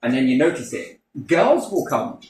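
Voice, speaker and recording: A man's voice: mid-range voice, sing-song, moderate pace, a little mellow. A man telling rambling, profane anecdotes in a casual chat, heavy on swearing. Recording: roomy, distant mic, faint noise.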